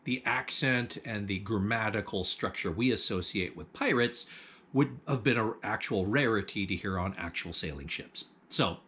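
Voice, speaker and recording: Chatty man with a lowish voice. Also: normal speed, fairly bright tone. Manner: chatty, with frequent ums, restarts and chuckles. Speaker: host of a food history channel. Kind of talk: casual explanatory talk.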